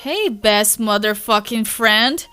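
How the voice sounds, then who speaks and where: A woman's voice: mid-range voice, expressive, slow pace, pushed and bright, clean tone, soft background music. A woman putting on a drawling, spaced-out troll boy. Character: mellow unhinged teenage troll boy, drawling.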